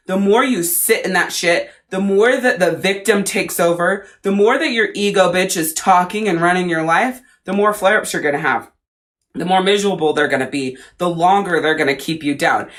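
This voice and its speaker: A woman's voice: lowish voice, moderate pace. Woman life coach, straight-talking and foul-mouthed, chatting to a live audience on camera. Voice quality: profane, blunt, animated. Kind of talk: casual live-stream coaching talk.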